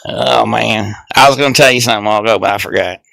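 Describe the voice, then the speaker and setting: A man's voice: lowish voice, rapid-fire, vocal fry, sharp tone, no room sound. A man, a podcast guest telling crude stories in casual chat and laughing through them.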